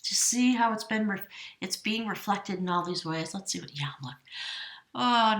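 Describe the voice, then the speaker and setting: A woman's voice: mid-range voice, animated, moderate pace, echoey room. A woman giving a tarot reading, emotional and effusive, dropping into whispered exclamations. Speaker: tarot reader.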